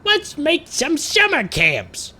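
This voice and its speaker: A man doing a comic voice of a fretful, whiny middle-aged man who pleads in a drawn-out whine. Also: extremely high pitch, wildly swooping pitch, pushed and bright, voice pushed up, exaggerated voice.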